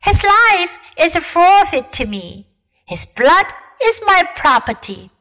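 A woman reading aloud, voicing a cold, menacing witch queen who speaks in a shrill, imperious way. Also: big pitch swings, takes it slowly, bright, forceful tone, exaggerated voice, rough recording.

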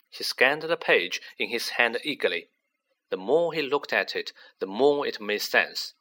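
A man reading a fantasy novel aloud with a bright, ringing tone. His pitch swoops widely as he builds drama into each sentence, keeping it expressive. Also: measured pace. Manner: dramatic, animated delivery. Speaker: audiobook reader. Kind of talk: expressive storybook narration.

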